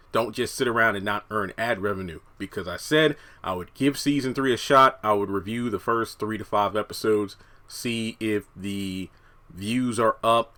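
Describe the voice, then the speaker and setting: A man on the low side with a fairly bright tone gives casual, rambling commentary as a TV review YouTuber, full of fillers and conversational. He's slightly out of breath, sitting in a hot room with the fans switched off.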